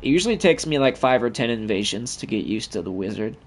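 A man's voice: medium pitch, animated, fast talker. A man giving profane, trash-talking commentary over his own gameplay as the channel host.

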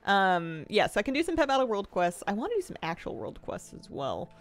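A woman's voice: medium pitch, big pitch swings, a little fast, faint music behind. A woman streaming a game, chatting casually with chat in a rambling way and laughing often. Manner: chatty, giggly, rambling asides.

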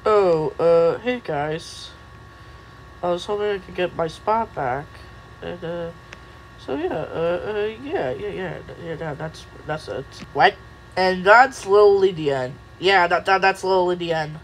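A woman's voice: medium pitch, very animated, slow pace, a bit bright, a little hiss or hum, rough recording. A young woman voicing many cartoon characters in a playful, silly way. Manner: playful, silly voices, giggly.

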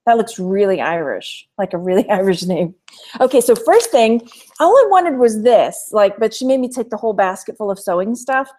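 This woman's mid-range voice is sing-song with a darkish tone, moving at normal speed. A chatty Texan, she hosts a thrift haul livestream, laughing often and reading aloud what viewers comment.

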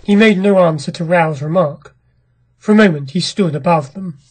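A woman reading a classic short story aloud in a measured, dramatic narration. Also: fairly low pitch, darkish tone, a little hiss or hum.

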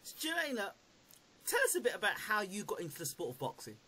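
A host runs a casual interview with a chatty, conversational manner. The voice moves up and down a lot in pitch and stays lively throughout. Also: brisk, background noise.

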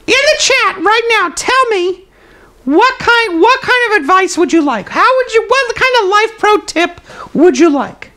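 A cheerful toilet paper roll puppet with a very high, squeaky voice. The puppet hosts a comedic live stream and gives absurd tips with confident, matter-of-fact delivery. It turns to the viewers now and then with a few ums and uhs. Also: male voice, bright, forceful tone, full character voice. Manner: chats to the live chat, hesitant fillers.

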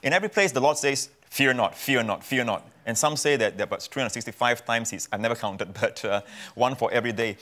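Male pastor, mid-pitched, emphatic, preaching as a guest in a TV studio interview. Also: quick pace, hardly any pauses, fairly bright tone. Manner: emphatic, repeats phrases for effect. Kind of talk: preaching in a talk show interview.

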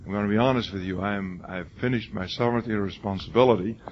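An older man with a raw, hoarse voice lectures a class in an emphatic, repetitive way, restarting his sentences often. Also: on the low side, fast talker, a little hiss or hum. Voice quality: husky. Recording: dull lo-fi classroom recording.

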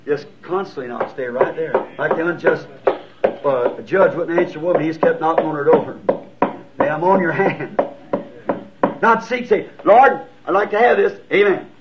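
Southern preacher, fifties, high tenor, earnest folksy delivery, dull old tape. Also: male voice, lively intonation, measured pace, long pauses, very noisy. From United States. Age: 50s. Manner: earnest, folksy, self-deprecating. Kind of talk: sermon answering written questions. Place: church sanctuary. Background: congregation answering amen.

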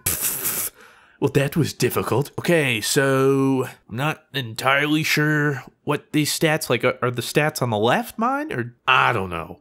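A man with an American accent giving excitable, giggly let's-play commentary. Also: medium pitch, unhurried. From United States. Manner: excitable, giggly, frequent shrieks. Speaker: gaming YouTuber.

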